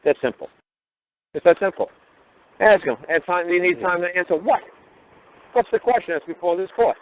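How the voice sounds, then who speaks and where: A man with a somewhat high voice talks bluntly, swearing freely and firing off one rhetorical question after another. He is heard over a tinny, phone-like line, as a speaker on a call-in talk show. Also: lively intonation, moderate pace. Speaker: talk show guest lecturer.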